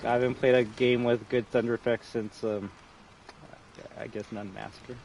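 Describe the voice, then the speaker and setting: A man's voice: medium pitch, flat delivery, moderate pace, creaky, a little mellow, slight background noise. A young man streaming a horror game live, rambling and joking as he plays. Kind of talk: live gameplay commentary.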